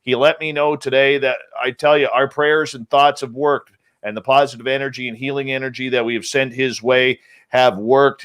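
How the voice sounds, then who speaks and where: A male show host greeting viewers by name in an upbeat, playful way and jumping up in pitch on names. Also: a bit bright, clean tone. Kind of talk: livestream show opener, greeting chat viewers.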